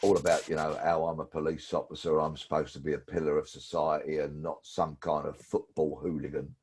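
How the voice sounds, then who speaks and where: A man, a former detective telling stories in a lively way as an interview guest. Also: extremely low pitch, brisk, breathy edge. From London. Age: 60s. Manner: lively anecdotal storytelling. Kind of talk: storytelling interview.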